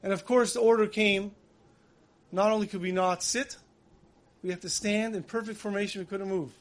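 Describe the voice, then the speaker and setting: High-voiced man preaching dramatically. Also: fairly even intonation, moderate pace. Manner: vivid, acts out quoted voices. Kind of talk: dramatic sermon storytelling.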